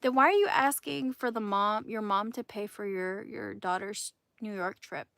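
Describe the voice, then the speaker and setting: A woman's voice: mid-range voice, normal speed, fairly bright tone, no echo, studio quality. A woman hosting a livestream, telling gossip in a casual, indignant way and laughing often. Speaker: livestream host.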